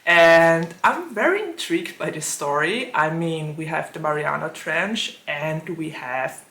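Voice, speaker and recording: A woman with a sore throat talks slowly and unhurriedly in a lowish voice, chatting casually to the camera about books. She laughs often between thoughts, and the echoey room rings around her voice. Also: lively intonation, a bit bright. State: sore throat, voice lower than usual. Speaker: booktube host. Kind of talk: casual to-camera book chat.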